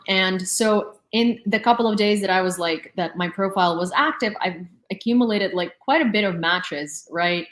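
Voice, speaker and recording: A woman's voice: medium pitch, a bit bright, echoey room. A young woman from Lviv chatting casually on stream in a rambling, exasperated way, full of fillers. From Ukraine (Lviv). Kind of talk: casual chat.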